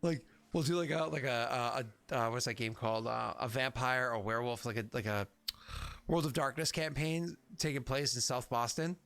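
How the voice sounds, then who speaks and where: Speaking at normal speed in a clear, resonant, slightly bright mid-range voice, a young man serves as game master for a streamed tabletop game. He keeps things chatty and full of jokes, cracking himself up along the way.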